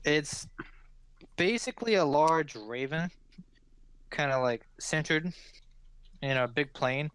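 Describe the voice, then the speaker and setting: A man's voice: a little high, expressive, slow, long pauses, fairly bright tone, clean tone, no echo. Male game master, rambling narration full of fillers, close and dry.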